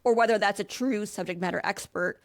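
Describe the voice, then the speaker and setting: Gravelly-voiced woman hosting a casual chat. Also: mid-range voice, a little fast, dry recording, clean studio sound. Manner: rambling, many fillers like 'like'. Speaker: podcast host.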